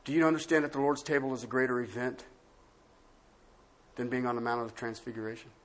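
A man pastor preaching a sermon, swinging from hushed, quiet lines to loud, acted-out quotes. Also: medium pitch, little pitch movement, quick pace.

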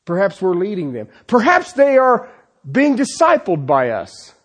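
Preaching in an unhurried way, this man has a high, slightly rough voice with huge pitch swings. He keeps throwing out rhetorical questions and "okay?" to the congregation while animatedly telling stories.

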